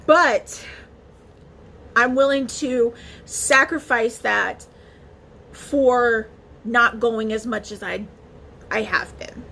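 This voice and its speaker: Chatty woman vlogger with a high voice. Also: fairly bright tone, a little hiss or hum. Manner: chatty and emotional, with restarts and fillers. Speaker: beauty vlogger. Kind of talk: casual chat to camera.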